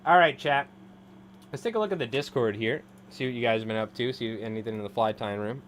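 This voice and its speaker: A man's voice: medium pitch, a little fast, slight background noise. A man in his thirties chatting casually on a live stream while tying flies, rambling and laughing often. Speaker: live-streaming fly tyer.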